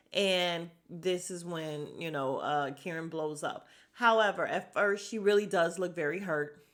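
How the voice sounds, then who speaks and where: A woman talks through a TV recap in a loose, chatty way. Her voice sits a little low, and she is blunt and fed up with the drama. She sighs and laughs as she goes. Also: a bit bright. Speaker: podcast host reviewing a reality show. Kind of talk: casual recap commentary.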